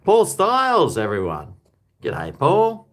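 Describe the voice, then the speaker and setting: A man's voice: fairly high pitch, wildly swooping pitch, slow, a bit bright. A man hosting a casual call-in live stream, rambling and tipsy between shots. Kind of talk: casual chat with callers.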